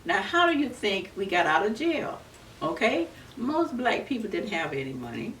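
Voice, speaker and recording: A woman in her seventies from Florida, recalling her civil rights days in an earnest, unhurried oral-history telling. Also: fairly high pitch, sing-song, fairly bright tone. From Florida, USA. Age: 70s. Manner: earnest, unhurried storytelling with many restarts. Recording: roomy, distant mic with faint background noise.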